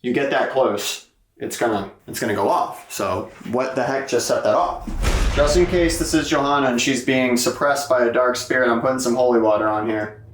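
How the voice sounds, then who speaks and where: A young man, hosting a ghost hunt in a dark basement and talking to both viewers and spirits in a jumpy, excitable way. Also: mid-range voice, moderate pace, a little hiss or hum. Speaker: paranormal investigator and host. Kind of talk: casual vlog narration during a ghost hunt. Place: dark basement of an old club. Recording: echoey room.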